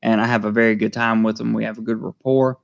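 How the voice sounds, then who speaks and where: Man, Southern American accent, gravelly, casual live-stream chat, rambling with fillers. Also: fairly low pitch, level tone, fast, dull audio. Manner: rambling, many fillers, warm thanks to viewers. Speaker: vlogger hosting a live stream.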